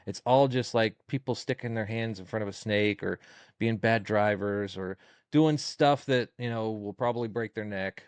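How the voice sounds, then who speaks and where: Man, podcast guest, low voice, relaxed and chatty, dry close recording. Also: moderate pace, clean tone, dry recording. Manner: relaxed, talkative, earnest. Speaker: guest, social media creator. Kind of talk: casual interview chat.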